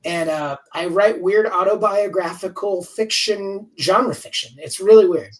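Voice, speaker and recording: A man's voice: sits high, a little slow, far from the mic, low-quality recording. A man in his fifties, a comics writer chatting as an interview guest over a video call, talking in a rambling, candid way and swearing freely. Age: 50s. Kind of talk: casual interview chat.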